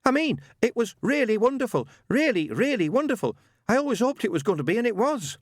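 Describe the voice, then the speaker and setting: A man's voice: very high-pitched, huge pitch swings, normal speed, a bit bright, no room sound, clean studio sound, voice pushed up, exaggerated voice. A man voicing an eager young man who gushes with enthusiasm. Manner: eager, gushing.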